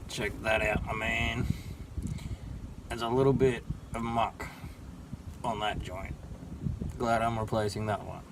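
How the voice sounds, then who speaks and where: A man's voice: lowish voice, steady tone, takes it slowly, pauses often, heavy background noise. An Australian man who is sick with a sore throat chats casually while working under a car, full of dry, joking sarcasm. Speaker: home mechanic vlogger.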